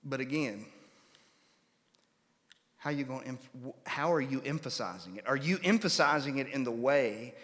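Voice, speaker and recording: A man's voice: mid-range voice, expressive, normal speed, pauses often, fairly bright tone. Man preaching in a reverberant church. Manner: explains patiently, checks in with listeners by asking questions. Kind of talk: conversational Bible-class sermon.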